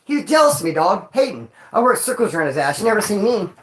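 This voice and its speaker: A man from Bakersfield, California telling rowdy stories in casual street slang to his viewers, cursing and sometimes yelling. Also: sits high, quick pace. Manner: profane, animated street slang, bursts of yelling. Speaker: vlogger. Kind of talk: casual storytelling to a live chat. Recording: echoey room.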